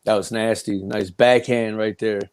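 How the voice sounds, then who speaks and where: A laid-back man co-hosting a casual podcast chat, chiming in with quick, slangy reactions. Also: on the low side, little pitch movement. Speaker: podcast co-host. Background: guitar music.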